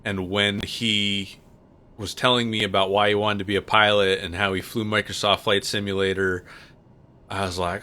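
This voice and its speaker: A man's voice: fairly low pitch, flat delivery, moderate pace, pushed and bright. A man hosting a casual livestream, chatting and telling stories with a joking manner while he flies. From United States. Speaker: livestream host and pilot.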